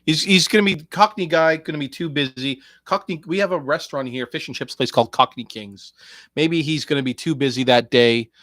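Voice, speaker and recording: A man hosting a casual solo podcast, rambling and sarcastic, swinging between low mutters and loud outbursts. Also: fairly quick, no echo. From Canada. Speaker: podcast host previewing wrestling shows.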